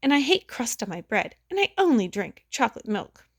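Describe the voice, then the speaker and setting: A woman's voice: very animated, a little fast, fairly bright tone, breathy edge, no echo, clean studio sound, exaggerated voice. A woman reading aloud, voicing a whiny, bratty six-year-old boy in a storybook. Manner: whining, high and sing-song.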